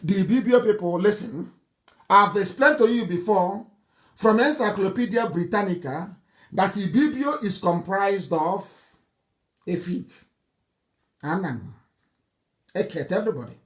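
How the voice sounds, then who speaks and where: A man's voice: sits high, animated, a little slow, pauses often. A man with a Nigerian accent giving a fiery political broadcast, combative and scornful, repeating his insults and points for emphasis. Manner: breaks into mocking laughter between points.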